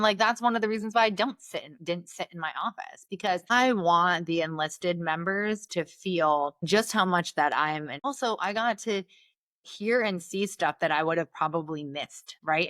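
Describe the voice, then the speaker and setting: Woman, lowish voice, dry close sound, animated storyteller, lots of "like" and "right?", interview guest. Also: dry recording. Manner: animated, fills speech with "like" and "right?". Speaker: guest, Navy physician.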